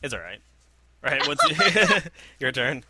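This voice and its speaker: A man's voice: mid-range voice, very animated, slow, heavy background noise. A young man in a casual chat, telling awkward stories with a wry, laid-back humor. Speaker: podcast co-host.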